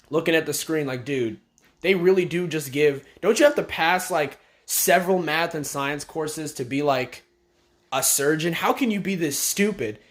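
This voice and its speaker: A man with a slightly high voice recaps a TV episode in a sarcastic, profane rant. He sounds exasperated and talks casually to the camera. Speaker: video commentator. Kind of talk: ranting TV show recap.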